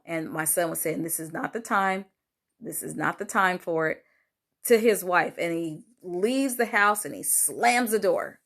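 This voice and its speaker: Grandmother talking through a family fight, chatty, lots of ums, voice jumps up when she quotes people. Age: older. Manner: animated, acts out quoted lines with rising pitch, many fillers. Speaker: host sharing a personal story. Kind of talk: casual storytelling monologue.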